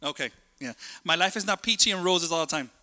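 A man preaching a sermon in a chatty, animated way, telling family stories and jumping between thoughts. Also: a little high, quick pace, in a large hall.

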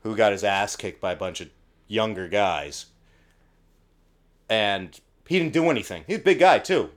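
A man from New Jersey, a comic book artist and podcast guest, talking loudly and excitedly in casual chat and swearing freely. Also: fairly low pitch, normal speed. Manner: loud, excitable, swears a lot.

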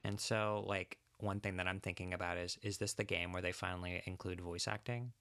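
A man with a very deep voice and a gravelly, fry-heavy edge talks through his ideas in a podcast chat. He pauses and hedges often as he thinks. His manner is thoughtful and unhurried. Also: steady tone, a bit bright. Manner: thoughtful, hesitant, many fillers. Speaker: podcast co-host. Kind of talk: casual chat.

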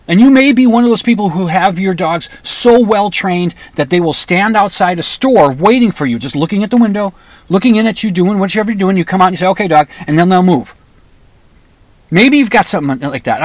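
A man's voice: sits high, expressive, fairly quick, dry recording. Man telling a personal story, dry sound. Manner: conversational, restarts, flares into loud angry outbursts.

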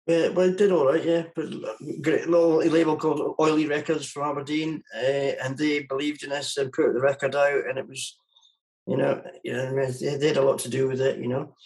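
A man's voice: on the high side, flat delivery, a little fast, darkish tone, low-quality recording. A man being interviewed as a musician guest, talking casually and rambling with many restarts.

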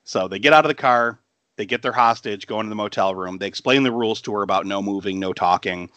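A man's voice: on the low side, fast, a bit bright, no echo, dull audio. A man hosting a podcast who retells a film in casual chat, laughing often and swearing freely. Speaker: podcast host.

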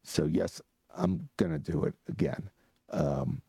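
A man, an author, telling lively anecdotes in a book talk, often restarting and laughing. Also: a bass voice, slow pace, creaky, breathy edge, no echo. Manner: animated storyteller with frequent restarts and laughs.

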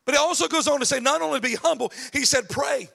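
A man preaching a lively sermon, swinging from shouted, chanted lines to soft asides. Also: very high-pitched, fast talker, gravelly. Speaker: pastor. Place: church sanctuary.

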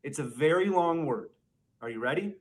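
A man narrating a mock language lesson, slowly sounding out made-up words. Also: a little high, animated. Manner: slow, exaggerated spelling-out of made-up words.

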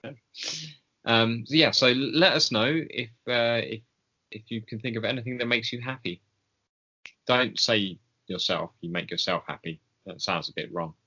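Guy cohosting a chatty podcast, bright lively voice, lots of ums, kinda muffled lo-fi audio. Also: medium pitch, normal speed, husky. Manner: rambling, hesitant with many ums, chuckling. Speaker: podcast co-host. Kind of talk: casual chat. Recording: dull lo-fi recording.

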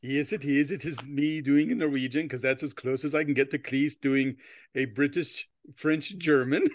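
A man's voice: mid-range voice, steady tone, moderate pace, no room sound. A man hosting a casual comedy podcast who jokes around, goes off on goofy tangents and laughs often. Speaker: podcast host.

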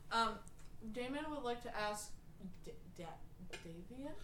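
A woman's voice: fairly high pitch, measured pace, echoey room, a little hiss or hum. A woman playing a tabletop role-playing game, chatting casually and joking. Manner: lively, joking, swears casually. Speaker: player.

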